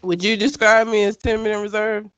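A woman's voice: mid-range voice, a little fast, no echo. A woman in casual conversation, telling stories with lots of laughter and animation. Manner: animated storyteller, laughs often. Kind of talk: casual chat. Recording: dull lo-fi sound, dry.

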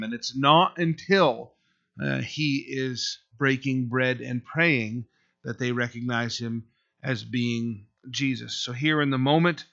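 A man preaching in a bright, forceful voice, earnest and conversational, working through the text with frequent pauses. The recording is dull and lo-fi, with the top end muffled. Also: mid-range voice. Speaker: pastor. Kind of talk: expository sermon.

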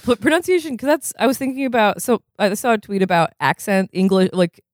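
A woman's voice: mid-range voice, fairly quick, no room sound. Young woman podcast co-host, casual talker, lots of restarts, dry recording. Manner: chatty, laughs often, many restarts.

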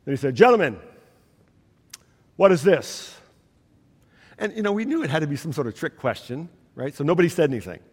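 A man's voice: fairly high pitch, sing-song, racing, hardly any pauses, darkish tone, husky. A man preaching a sermon, telling stories with emphatic, rising delivery. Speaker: pastor. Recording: long hall reverb.

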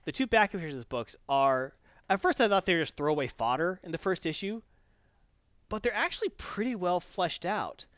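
A man hosting a casual chat reviewing a comic book, rambling and animated, acting out voices. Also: sits high, brisk, dry recording, highs cut off. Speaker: podcast host.

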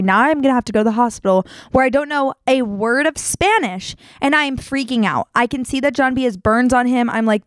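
Animated woman telling a story, clear dry voice. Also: a little fast, few pauses, dry recording. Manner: animated, jumps to high pitch acting out quotes. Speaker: podcast host. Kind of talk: casual storytelling.

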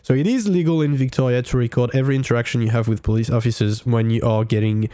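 Man, mellow dark tone, dry close sound, insistent. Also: mid-range voice, steady tone, fast, clean tone, no room sound. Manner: argumentative, explains rules insistently. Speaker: podcast co-host. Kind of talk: casual chat.

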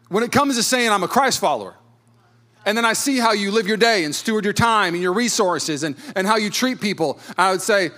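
Man, pastor, sermon, light high voice, conversational storytelling, self-deprecating humor. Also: fast talker, pushed and bright.

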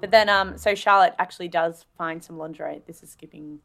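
A woman's voice: fairly low pitch, brisk, vocal fry. Chatty young Australian woman. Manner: animated, acts out quotes from the show. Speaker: podcast co-host. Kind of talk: casual chat.

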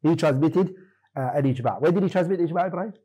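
A man's voice: on the high side, quick pace, mellow, breathy edge, poor audio. A man teaching a classroom lesson on Islamic law, quizzing his students by name and correcting them firmly.

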